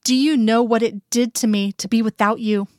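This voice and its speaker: A woman voicing a hurt, bitterly angry grown man who turns soft and tender, read in her own higher voice in a dry room. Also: fairly even intonation, moderate pace, no echo, close to an everyday voice. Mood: tender, low. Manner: accusing, then pleading softly.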